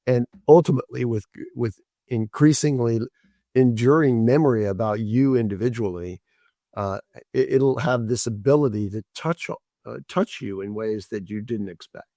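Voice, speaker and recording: A man co-hosting a show, speaking in a thoughtful, measured way with some hesitation. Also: medium pitch, dark tone, dry recording, studio quality. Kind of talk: casual chat.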